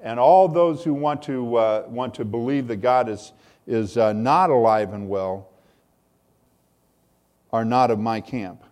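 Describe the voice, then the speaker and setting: Male pastor, mid-pitched voice, sermon delivery with building emphasis on scripture. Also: unhurried, long pauses, a little mellow. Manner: preaching with rising emphasis, reads scripture aloud.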